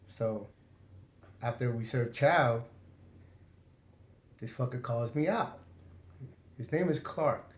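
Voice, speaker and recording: A man's voice: a little high, a little mellow. A man casually telling a first-person story in a streetwise, profane way, acting out quoted exchanges with a raised voice. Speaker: storyteller recounting prison life. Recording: roomy echo.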